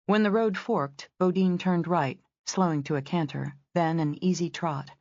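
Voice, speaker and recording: A woman narrating a romance novel as an audiobook in a steady, descriptive reading. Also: fairly low pitch, unhurried, dry recording, dull audio.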